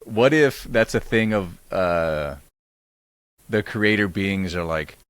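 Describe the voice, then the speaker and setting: A man with a very deep voice talks slowly and hesitantly on a podcast. His speech is unhurried and musing, and the sound is dry and close with no room echo. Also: expressive, clean tone. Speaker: podcast co-host. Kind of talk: casual conversation.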